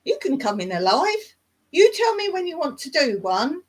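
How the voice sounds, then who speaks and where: With a high, sing-song voice at a moderate pace, a middle-aged Surrey-accented Englishwoman runs a live chat on her YouTube channel. She works through viewer comments, replying in a meandering, talkative manner full of laughter and filler words.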